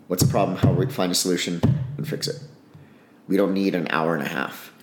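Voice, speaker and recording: Blunt veteran guest, low voice, plainspoken storyteller, roomy echo. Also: male voice, fairly even intonation, fairly quick, slight background noise. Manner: blunt, frank, swears, tells stories with acted-out dialogue. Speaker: podcast guest, army special operations veteran. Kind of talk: casual interview talk.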